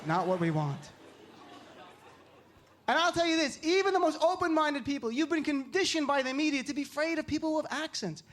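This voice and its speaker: A male stand-up comedian from New Jersey, performing on stage to a live audience with an animated, mocking delivery. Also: extremely high pitch, brisk. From New Jersey, USA. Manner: animated, mocking delivery with many put-on voices. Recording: live show with audience noise.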